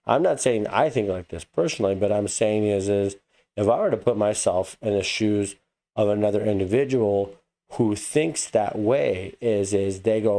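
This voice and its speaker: A man from the United States talks in a loose, rambling way, doubling back on his words as he comments on a clip. His voice sits low and sounds mellow and dark. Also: normal speed. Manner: rambling, repeats words and restarts often. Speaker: reaction video host. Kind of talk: casual commentary.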